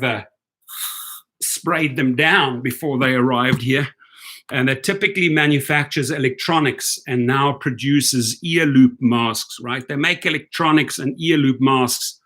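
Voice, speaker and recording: A male rideshare commentary host rants on a live stream. He sounds sarcastic and heated. His mid-pitched voice has a bright, forceful edge.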